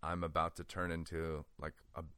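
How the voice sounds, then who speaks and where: A man telling a personal story in casual conversation, animated and laughing often, with lots of "like". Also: low voice, moderate pace, clean tone, dry recording. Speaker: guest.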